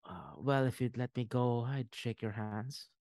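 A man doing a wary freed captive, low and muttering. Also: unhurried, a little mellow, no room sound, clean studio sound, close to an everyday voice.

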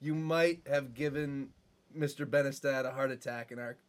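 A man's voice: mid-range voice, steady tone, normal speed. A man co-hosting a podcast in rambling casual chat, swearing a lot and acting out the lines he quotes. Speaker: podcast co-host.

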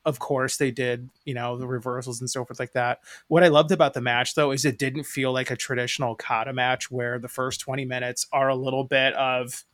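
A man's voice: medium pitch, level tone, a little fast, few pauses, fairly bright tone, no echo, clean studio sound. Swearing, rambling Michigan man. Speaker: podcast co-host. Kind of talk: casual chat.

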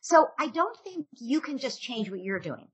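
A parenting author gives advice in a podcast interview, acting out parent and child quotes and earnestly checking in with "right?" as she makes her points. Her voice sits high with big pitch swings at a normal speed, a bit bright with a breathy edge.

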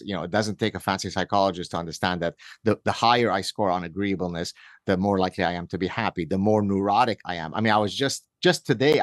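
A man's voice: deep voice, fairly bright tone, dry recording, clean studio sound. A middle-aged man from Canada, a guest author on a podcast, talking in a wandering way with lots of restarts and wry humor. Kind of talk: conversational interview.

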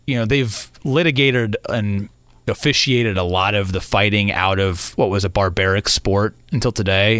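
A man's voice: lowish voice, no room sound. A man hosting a sports radio show, chatting casually and acting out quotes as he tells a story. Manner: animated storyteller, acts out deadpan quotes.

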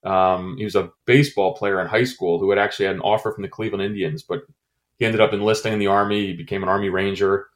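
Deep voiced middle-aged guy from the us telling his story, halting, lots of ums. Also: steady tone. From United States. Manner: halting, many fillers and restarts. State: choked up. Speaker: guest, former intelligence officer. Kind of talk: recounting a personal story in an interview.

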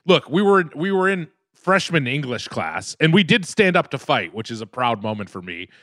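A man co-hosting a podcast, talking in a brash, joking and excitable way. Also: a little high, moderate pace, dry recording, studio quality. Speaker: podcast co-host. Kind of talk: casual chat.

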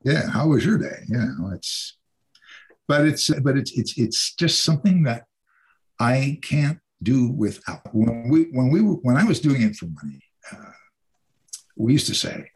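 An older man, an actor, telling casual anecdotes about his stage career in an animated way. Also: medium pitch, measured pace. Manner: animated anecdotes, mimics the people he quotes. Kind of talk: casual conversational storytelling.

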